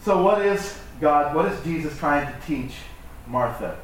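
A man preaching to his congregation in a relaxed, joking way, acting out the voices of the people in his stories. His voice sits a little high. It is picked up from far off in a very echoey hall, with faint room noise behind. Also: a little slow. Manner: conversational, joking, acts out quoted voices. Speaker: pastor. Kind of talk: sermon. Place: church hall.

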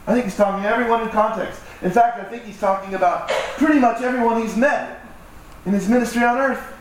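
Heard from afar in an echoey hall with faint background noise, a man with a very high-pitched voice preaches a bit fast. His sermon is conversational and self-deprecating, and he acts out different voices.

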